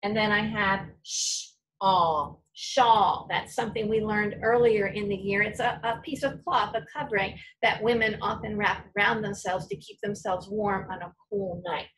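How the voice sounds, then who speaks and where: A woman teacher giving a phonics lesson to young children, slowly modeling each sound for the class to repeat. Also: mid-range voice, fairly even intonation, fairly bright tone, distant mic, a little hiss or hum, poor audio. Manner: slow, clear modeling of sounds for pupils to repeat.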